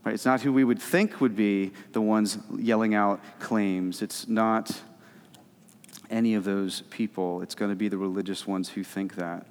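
A man's voice: fairly low pitch, measured pace. Male pastor preaching in a hall. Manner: animated, emphatic preaching that swings loud and soft. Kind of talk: sermon. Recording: reverberant hall.

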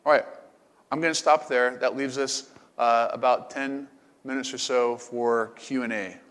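A man's voice: mid-range voice, fairly even intonation, measured pace, a bit bright, smooth, big-room sound. A man preaching as a pastor, then answering questions in a conversational way, often repeating words as he thinks. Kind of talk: sermon and Q and A. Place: camp meeting hall.

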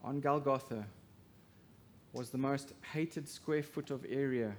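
A man preaching a sermon as pastor, swinging from hushed to loud emphasis and asking the congregation rhetorical questions. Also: medium pitch, fairly even intonation, slow, a little hiss or hum.

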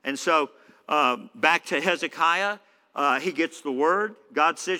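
A man's voice: fairly high pitch, a little slow, pushed and bright. A man preaching a sermon in a church, conversational, with many fillers. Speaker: pastor. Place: church hall. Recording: echoey church hall.

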